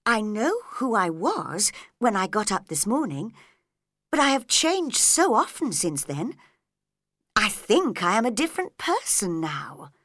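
A polite, bewildered young girl, played by a woman reading aloud, pitched up and bouncing through her words with a lively, rising-and-falling voice. The sound is close and dry. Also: measured pace, no room sound. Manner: polite, bright and eager. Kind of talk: storybook reading.

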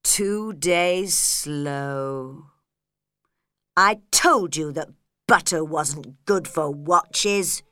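A woman voicing an odd, blunt male Hatter in a storybook reading, speaking slowly and deliberately in a lowered voice. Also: big pitch swings, sharp tone, clean tone, no echo, clean studio sound, heavily acted.

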